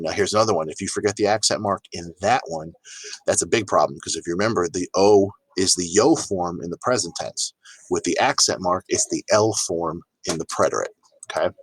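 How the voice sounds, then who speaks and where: A man teaching a grammar lesson in a relaxed, chatty way, talking straight to his students with plenty of fillers. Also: sits low, dry recording, low-quality recording. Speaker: Spanish teacher. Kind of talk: informal recorded grammar lesson.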